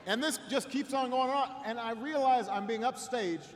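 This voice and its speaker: A middle-aged man telling a story in a campaign speech, stumbling over repeated words and building to shouts. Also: extremely high pitch, expressive. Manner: halting repetitions, slow build to shouted climax. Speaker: political candidate speaking at a rally. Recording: long reverb in a large hall, faint noise.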